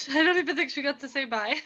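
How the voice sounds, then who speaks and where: A woman's voice: high voice, moderate pace, lo-fi sound, background noise. A woman hosting an improv game over a video call, chatty and giggly.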